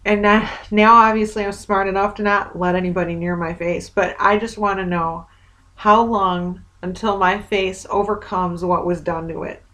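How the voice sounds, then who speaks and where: Woman vlogger, mid-pitched, venting to camera, rambling and wry, plainly exasperated. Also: steady tone, moderate pace, a bit bright. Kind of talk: casual video diary.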